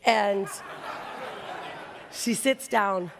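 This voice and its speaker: A woman giving an animated, storytelling talk as a keynote speaker to an audience, acting out the voices of people in her story. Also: medium pitch, extremely slow. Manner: animated, acts out quoted voices. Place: large hall before an audience. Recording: hall reverb, live stage recording.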